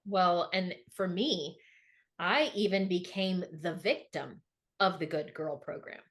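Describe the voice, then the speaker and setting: A woman's voice: on the low side, slow, fairly bright tone. A middle-aged woman speaking earnestly and emphatically in a reflective podcast conversation, often repeating words for emphasis. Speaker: podcast co-host.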